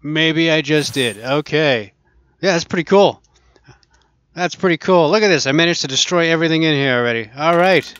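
A man's voice: fairly high pitch, moderate pace, a bit bright, smooth, no room sound. A man casually commenting while he plays a VR archery game, chatting and laughing to himself as he goes. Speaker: gaming channel host.

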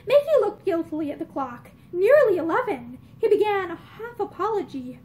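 Expressive young woman reading a novel. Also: very high voice, normal speed, few pauses. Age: young adult. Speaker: reader.

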